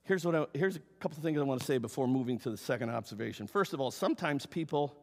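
A pastor preaching in a church sanctuary speaks quickly in a mid-range voice. He's animated and acts out the story's characters, with long hall reverb heard throughout the recording.

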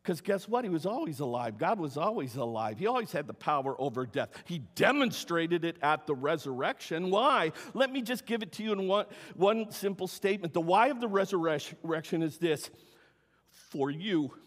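A male pastor preaching a sermon, emphatic, swinging between loud cries and hushed, soft talk. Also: a little high, lively intonation, normal speed. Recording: long reverb of a large hall.

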